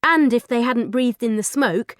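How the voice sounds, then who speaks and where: A woman voicing a flustered, anxious teenage schoolgirl who speaks in an urgent, high-strung way. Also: unhurried, no room sound, clean studio sound, close to an everyday voice. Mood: alarmed.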